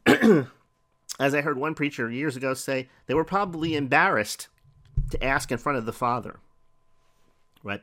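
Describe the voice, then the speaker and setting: A man's voice: medium pitch, a bit bright. A middle-aged man preaching a sermon in a conversational way, asking rhetorical questions and reading scripture aloud.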